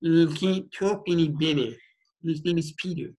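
Man putting on a twelve-year-old boy, speech impediment, halting, slightly raised voice, odd strained tone. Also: a little high, darkish tone, rough recording.

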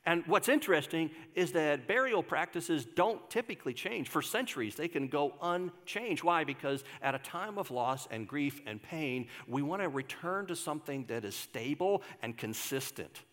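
A man's voice: fairly high pitch, animated, moderate pace, few pauses, a bit bright, long reverb tail. An older man, a pastor, giving a conversational sermon and asking the congregation questions. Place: church sanctuary.

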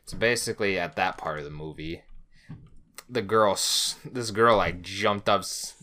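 Homem grave e falador, voz brilhante. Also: male voice, sits low, measured pace, pushed and bright. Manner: rambling storyteller, swears a lot. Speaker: podcast co-host. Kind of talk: casual podcast chat.

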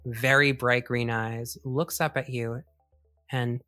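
A woman running a tabletop game as game master, narrating in a relaxed, teasing way. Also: extremely low pitch, takes it slowly, faint music behind.

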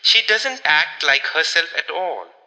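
A man reading aloud, voicing a stern, peremptory woman who scolds briskly. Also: on the high side, expressive, bright, forceful tone, in a large hall, exaggerated voice, rough recording. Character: stern peremptory middle-aged woman, sewing.

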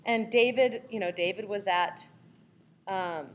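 A woman leading a casual Bible study, retelling the story in a lively way and acting out the people in it. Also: medium pitch, unhurried, a little hiss or hum. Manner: animated, acts out the people in the story.

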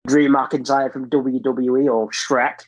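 A man's voice: mid-range voice, flat delivery, a little slow, poor audio. A man from England with an English accent, talking casually as a podcast guest, blunt and rambling, swearing freely. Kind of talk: casual chat.

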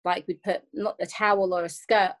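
A woman's voice: medium pitch, steady tone, normal speed. A woman in her thirties, a podcast guest talking earnestly and circling back to repeat herself as she searches for words. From England. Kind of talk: reflective conversational interview.

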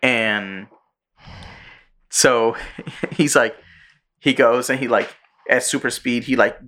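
A man's voice: mid-range voice, slow, pushed and bright. A man hosting a podcast in a casual chat, retelling a show with swearing and putting on voices for its characters. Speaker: podcast host.

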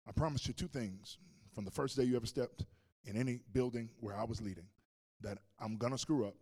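A male pastor preaching a sermon, telling a story with animated swings between loud and hushed. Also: medium pitch, a little fast, breathy edge.

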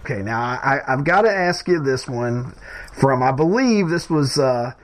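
A man interviewing a guest, asking halting questions broken by fillers. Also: mid-range voice, expressive.

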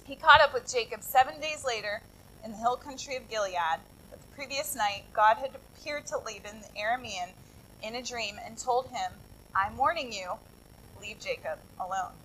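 Bright, high-voiced woman pastor preaching. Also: normal speed, a little hiss or hum, poor audio. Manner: conversational, lively retelling with asides to the congregation. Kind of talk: sermon with Bible storytelling.

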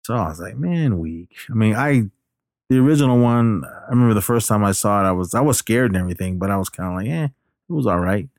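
A man's voice: fairly low pitch, fast talker, a little mellow, dry recording, clean studio sound. A man casually retelling a movie plot and giving his opinion, rambling with many fillers and restarts. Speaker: movie reviewer.

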